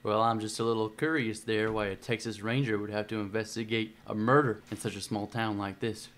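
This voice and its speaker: Defiant low-voiced man in character. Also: steady tone, brisk, a bit bright. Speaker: player. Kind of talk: in-character tabletop play.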